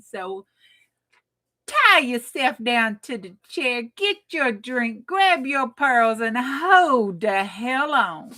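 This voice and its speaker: A middle-aged woman with a twang chats through a late-night crafting live stream, folksy and a little bawdy, laughing often as she greets her viewers one by one. Her voice sits a bit high and rings very bright and forward. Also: lively intonation, slow. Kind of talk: casual live-stream chat.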